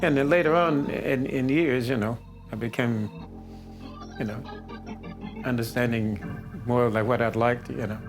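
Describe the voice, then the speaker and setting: A man's voice: mid-range voice, steady tone, normal speed, long pauses, over music. An older man from the Detroit area, a singer being interviewed, telling anecdotes with frequent chuckles. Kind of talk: storytelling interview.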